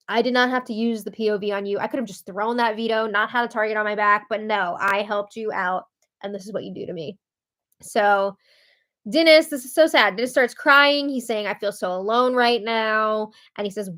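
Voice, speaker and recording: A woman hosting a casual reality TV recap, chatty and opinionated as she reads out quotes. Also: on the high side. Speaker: recap show host.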